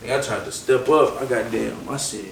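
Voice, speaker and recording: A young man with a Southern US accent, telling a story casually as an interview guest, animated and full of slang, acting out the quotes. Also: medium pitch, normal speed, creaky, distant mic. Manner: animated, acts out quotes, heavy slang and profanity. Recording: roomy echo, off-mic, faint background noise.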